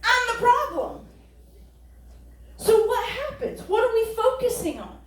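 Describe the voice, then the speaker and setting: Woman pastor, high and bright, conversational humorous preaching; roomy echoey hall sound. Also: sing-song, a little slow. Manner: folksy, joking, rhetorical questions. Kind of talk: conversational sermon. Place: church sanctuary. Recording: echoey church hall, distant mic.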